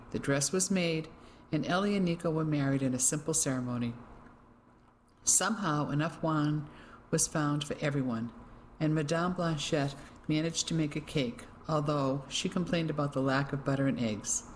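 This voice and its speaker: Audiobook narrator, mid pitch, measured and even. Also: a little hiss or hum, rough recording. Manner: reads evenly, shifting pitch for characters. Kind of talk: scripted narration.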